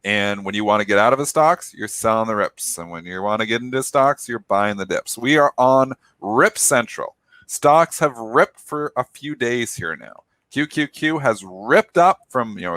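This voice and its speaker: A man's voice: mid-range voice, animated, moderate pace, a bit bright, dry recording. A man co-hosting a market show, emphatically explaining trading basics and repeating his point. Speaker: co-host, trader. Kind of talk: market talk show commentary.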